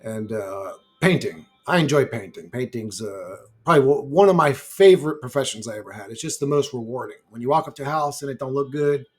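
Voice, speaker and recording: A man talking alone on his channel in a brash, profane, rambling monologue, laughing often at his own remarks. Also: medium pitch. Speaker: YouTuber.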